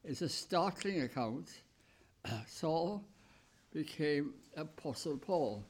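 A man preaching a sermon, reading scripture aloud in short, deliberate phrases and explaining it, with the odd cough and throat clear. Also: a little high, lively intonation, darkish tone. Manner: slow, deliberate, pausing between short phrases.

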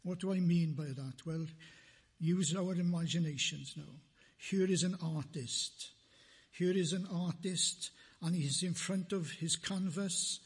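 Male preacher, husky, slow measured sermon, slightly high voice, echoing church. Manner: slow, deliberate, repeating phrases for emphasis.

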